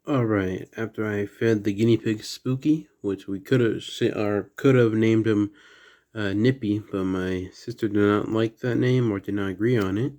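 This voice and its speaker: A man with a slight Southern accent, chatting quietly through a toy unboxing at home late at night, keeping his voice down. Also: lowish voice, moderate pace. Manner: soft, hushed indoor voice. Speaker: toy collector vlogger. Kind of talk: casual unboxing chat.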